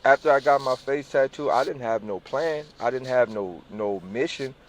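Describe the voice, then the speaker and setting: A man telling a personal story casually and profanely, swinging between loud bursts and hushed lines, acting out the voices in his anecdotes. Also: mid-range voice, moderate pace, slight background noise. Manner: profane, repeats "on God"; acts out voices in quoted dialogue.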